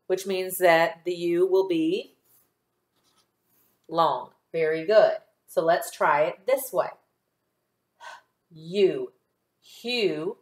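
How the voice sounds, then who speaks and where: A woman teacher walks young children through a phonics lesson, sounding out each syllable with slow, patient care. Her voice sits at a middle pitch, and the room gives it a noticeable echo.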